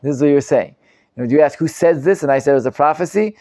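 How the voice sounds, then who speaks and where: A man, a rabbi, teaching a live Bible class, reading Hebrew commentaries quickly and explaining them in English with frequent Hebrew terms. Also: no room sound. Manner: animated, acts out quoted speakers with sudden loud pitch jumps.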